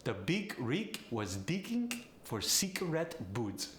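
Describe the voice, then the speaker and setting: A man's voice: a little high, wildly swooping pitch, slow, fairly bright tone, roomy sound, slight background noise, pitched above the performer's own voice, full character voice. A man doing a heavy Polish accent. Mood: demonstrative. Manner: exaggerated demonstration of sounds.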